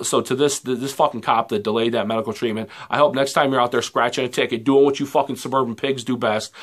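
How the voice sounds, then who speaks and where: A man's voice: mid-range voice, a bit bright. A man, ranting heatedly and profanely in a rambling vlog commentary. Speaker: vlogger.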